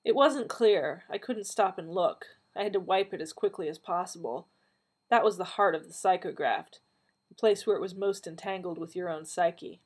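A woman voicing the Doctor, a weary, dry-witted alien time traveller man, speaking gently in a lowish, husky voice. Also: normal speed.

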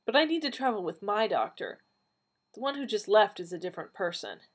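A woman voicing a feisty, quick-tempered young woman in a storybook reading. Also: mid-range voice, sing-song, breathy edge, voice pushed up. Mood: spirited. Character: feisty red-haired young British woman.

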